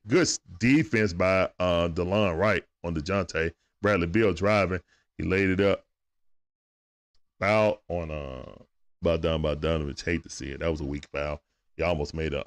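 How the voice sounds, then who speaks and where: A man giving casual, excitable play-by-play commentary on a live stream, chatting with his viewers in slang. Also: deep voice, moderate pace.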